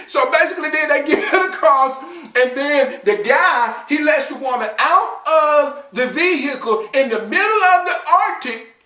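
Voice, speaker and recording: A man's voice: very high voice, animated, slow pace, sharp tone, echoey room, distant mic. A man reviewing commercials in a comedic vlog, talking animatedly with slang and frequent laughs.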